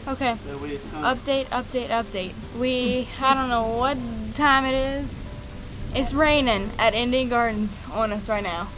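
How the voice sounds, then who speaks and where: Young woman, high-pitched, rambling candid vlogger on a hiking trail, handheld camera. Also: fairly even intonation, unhurried, music in the background, poor audio. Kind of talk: casual vlog updates. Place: outdoors on a canyon hiking trail and campground.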